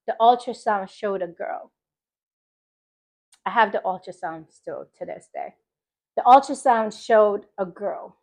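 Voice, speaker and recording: A creaky, medium-pitched woman from Philadelphia, an adult mother and faith vlogger, shares her personal birth testimony. She tells it in a lively way, acting out conversations and emphatically repeating phrases for effect.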